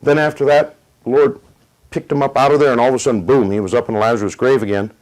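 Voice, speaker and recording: A middle-aged man preaching a sermon, retelling a story with dramatic pauses and rising emphasis. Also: medium pitch, fairly even intonation, a little mellow, rough recording. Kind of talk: sermon testimony.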